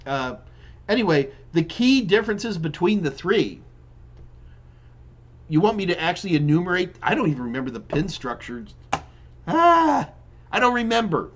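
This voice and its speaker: A man's voice: fairly high pitch, expressive, moderate pace, pauses often, lo-fi sound, a little hiss or hum. Chatty man hosting a live tech Q&A. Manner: loose and chatty, with frequent restarts and fillers. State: yawning repeatedly. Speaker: live Q&A host and IT trainer. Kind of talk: casual live-stream Q&A, reading viewer questions.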